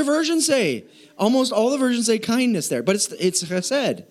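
Middle-aged male pastor, relaxed and joking sermon delivery, slightly high voice. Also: normal speed. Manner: casual, joking, animated storytelling.

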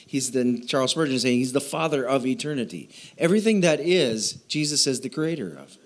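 A man's voice: medium pitch, lively intonation, a little fast. A man preaching a sermon in a chatty way, with laughing asides and questions to his listeners. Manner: asks the audience questions. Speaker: pastor.

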